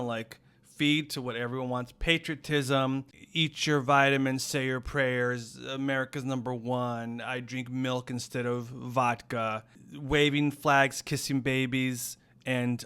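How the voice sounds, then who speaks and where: A man as a guest on an improvised comedy podcast, talking in a rambling, deadpan way. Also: mid-range voice, measured pace, clear, resonant tone.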